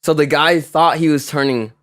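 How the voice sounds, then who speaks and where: A man co-hosting a podcast, telling a story in casual chat and acting out the people in it loudly. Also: fairly high pitch, normal speed, no room sound. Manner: animated storyteller, acts out quotes loudly. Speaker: podcast co-host.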